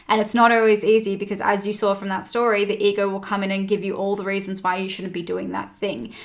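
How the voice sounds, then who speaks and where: A woman's voice: mid-range voice, vocal fry, a bit bright. A young woman chatting as a podcast guest, retelling a personal story with plenty of swearing. She voices her own past lines as she goes, in an everyday mid-range voice. The delivery is loose and conversational. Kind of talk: casual storytelling chat.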